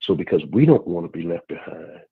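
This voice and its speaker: A man calling in to a radio talk show, speaking earnestly and haltingly, with many restarts. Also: low-pitched, lively intonation, slightly rough, no echo. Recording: tinny phone line.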